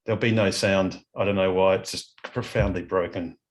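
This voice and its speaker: A man's voice: sits low, fairly even intonation, moderate pace. An Australian man hosting a casual club video call, often apologising and sorting out turns to speak. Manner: flustered, apologetic moderating.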